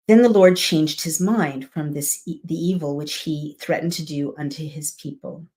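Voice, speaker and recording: A woman with a low, darkish voice reads a Bible passage at a moderate pace with few pauses. She breaks off now and then for reflective, conversational commentary, checking in with "right?" and "you know."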